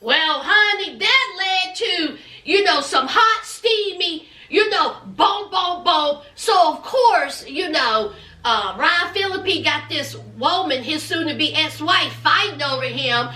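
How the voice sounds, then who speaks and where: A woman's voice: very high-pitched, lively intonation, slow, pushed and bright. A woman giving a chatty, sassy show recap, calling her viewers honey and child. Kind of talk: casual gossipy recap. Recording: roomy echo, mic at a distance.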